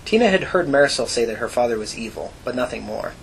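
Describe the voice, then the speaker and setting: A man's voice: medium pitch, animated, fast talker, gravelly, slight background noise, rough recording. Man narrating a gritty novel. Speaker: audiobook narrator. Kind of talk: scripted narration.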